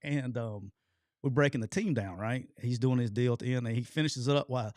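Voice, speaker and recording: A man spins a coaching story in easy podcast chat, jumping into loud impressions of the people he quotes and laughing along the way. His voice sits in a middle register. It is recorded close and dry, with no room sound. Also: mid-range voice, brisk, dry recording. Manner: animated storyteller, acts out quotes loudly, laughs often. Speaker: podcast co-host, former football coach.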